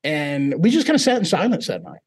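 A man's voice: on the high side, wildly swooping pitch, brisk, slightly rough. A middle-aged man from Mississippi with a British-sounding accent, telling his story as an interview guest and acting out quoted voices. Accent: British-sounding accent from foreign accent syndrome. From Mississippi, US South.

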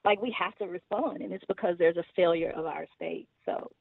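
A woman's voice: lowish voice, brisk, vocal fry, slightly rough, dry recording. A woman from Houston, a community organizer talking earnestly as a podcast guest, with fillers and small laughs. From Houston, Texas. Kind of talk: casual podcast interview. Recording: tinny phone-like line.

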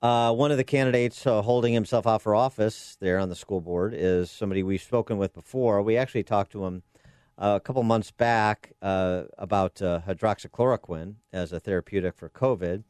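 A man's voice: fairly low pitch, a little fast, a little mellow, smooth, dry recording, studio quality. A man hosting a talk radio show, delivering opinionated commentary and firing off repeated rhetorical questions.

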